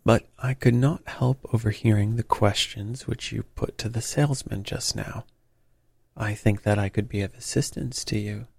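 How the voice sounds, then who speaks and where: A man's voice: fairly low pitch, steady tone, normal speed, a little mellow, no room sound. A man doing a confident, knowing detective. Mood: bland. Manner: crisp, assured, bland. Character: brisk, confident male detective, bland and knowing.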